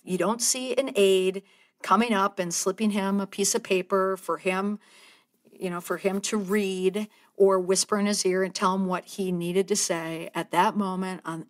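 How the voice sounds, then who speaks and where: A woman talks through her podcast in a loose, conversational way, her voice a little low. She speaks with heartfelt feeling and sometimes chokes up. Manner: heartfelt, conversational, choking up at times. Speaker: podcast host and communications speaker. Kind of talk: solo podcast commentary.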